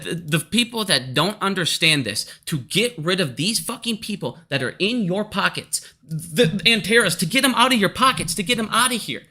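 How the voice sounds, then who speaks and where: A man's voice: sits high, pushed and bright. A man ranting angrily about stocks in a vlog, swearing constantly and arguing hard with his critics. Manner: profane, heated and combative. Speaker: stock market commentator.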